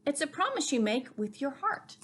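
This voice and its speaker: A woman reading a storybook aloud, voicing an eager young girl with a bright, lively delivery. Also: high-pitched, normal speed, pitched above the performer's own voice.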